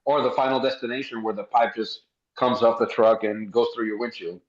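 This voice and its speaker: A man's voice: mid-range voice, fairly even intonation, brisk. A jokey man on a dull, roomy mic. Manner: playful, jokey interjections. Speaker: podcast co-host. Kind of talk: casual conversation.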